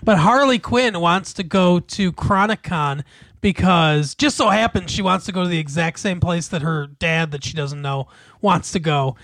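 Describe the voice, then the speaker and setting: A man with a notably high-pitched voice, chatting casually with a co-host about a film. He chimes in often with dry, agreeable comments and short quips. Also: moderate pace, a bit bright. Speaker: podcast co-host. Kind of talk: casual movie review chat.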